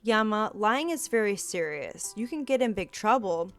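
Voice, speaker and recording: A woman voicing a stern, pompous male schoolteacher who scolds in a prim, formal way over soft game music. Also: mid-range voice, lively intonation, normal speed. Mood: indignant.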